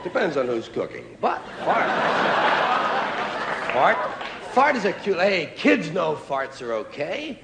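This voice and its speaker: Man, stand-up comic, wry drawn-out delivery, fairly high voice, live audience laughing, hissy recording. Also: huge pitch swings, vocal fry, over a noisy crowd. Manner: wry, drawn-out delivery with sudden loud jumps. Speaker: stand-up comedian. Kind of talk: stand-up routine. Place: comedy stage before a live audience.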